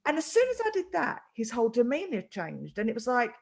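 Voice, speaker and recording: Lively woman telling a story. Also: on the high side, fast talker, few pauses. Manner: animated storyteller, acts out quotes. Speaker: host. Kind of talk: casual chat.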